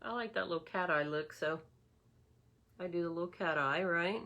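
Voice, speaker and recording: Bright-voiced woman demoing makeup. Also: fairly low pitch, moderate pace, highs cut off. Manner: chatty, addresses viewers as y'all. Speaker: makeup demonstrator. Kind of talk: casual makeup tutorial.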